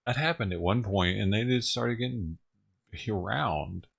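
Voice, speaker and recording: A man's voice: fairly low pitch, unhurried, vocal fry, fairly bright tone, breathy edge. A man ranting on his own livestream, talking casually and profanely, rambling and chuckling as he goes. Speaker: livestream streamer.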